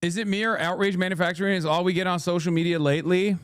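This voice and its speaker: A man's voice: sits high, steady tone, quick pace, clear, resonant tone, no echo, studio quality. A man hosting a live stream who reacts to clips with blunt, profane rants. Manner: blunt, profane, restless ranting. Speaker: streamer host.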